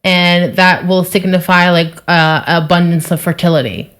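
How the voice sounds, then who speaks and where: A woman's voice: on the low side, fairly even intonation, normal speed, fairly bright tone. A young woman from New Jersey, a podcast guest, chatting casually and saying "like" a lot. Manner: chatty, says "like" often. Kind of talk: casual chat.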